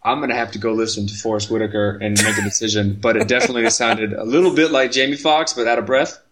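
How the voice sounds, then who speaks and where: A man's voice: mid-range voice, fairly even intonation, fast, background noise. A man co-hosting a podcast, teasing and wry in casual chat. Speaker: podcast co-host.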